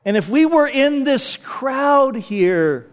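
A man with a high-pitched voice delivers a sermon as a pastor. He keeps it conversational and relaxed, dropping casual asides to his listeners. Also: takes it slowly.

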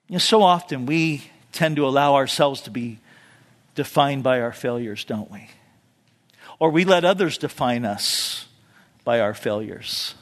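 In a large hall with long reverb, a male pastor with a mid-range voice preaches a little slowly. His sermon feels like conversational storytelling, sprinkled with "you know" asides, and he raises his voice to act out quotes.

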